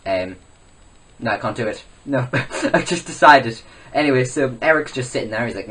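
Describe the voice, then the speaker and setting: A man's voice: mid-range voice, big pitch swings, moderate pace, a bit bright, slightly rough, recorded from a distance. A young man ranting in a mock-serious comedy vlog, rambling and boastful with lots of self-interruptions. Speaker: comedy vlogger. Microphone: webcam.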